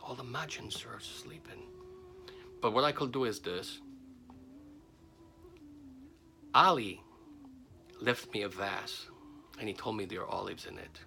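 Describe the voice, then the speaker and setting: A man voicing a proud merchant with a low, gravelly voice. The merchant turns stern and cold when he feels accused. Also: normal speed, long pauses, bright, forceful tone, a little hiss or hum. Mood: hushed. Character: prosperous city merchant, proud and touchy.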